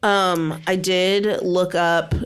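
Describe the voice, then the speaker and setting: Slow-talking woman in casual podcast chat. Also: on the low side, fairly even intonation, a crowd in the background. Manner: laid-back, frequent agreeing "yeah"s. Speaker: podcast host.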